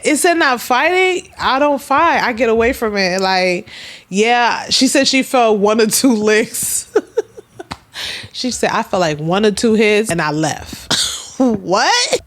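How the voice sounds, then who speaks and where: A young woman, telling a story casually and animatedly, swearing and acting out quoted lines. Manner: animated, swearing, acts out quoted dialogue with big pitch jumps. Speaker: storytime vlogger.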